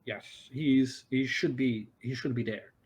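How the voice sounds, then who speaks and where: A man runs a tabletop game at an ordinary middle pitch. He talks haltingly, full of fillers and restarts, answering the players as the characters they meet. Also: a little mellow, breathy edge. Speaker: game master.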